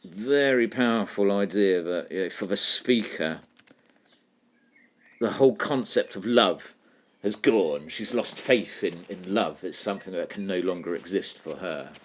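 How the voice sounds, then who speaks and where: A man teaching a poetry lesson, explaining terms and reading lines aloud slowly. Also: sits low.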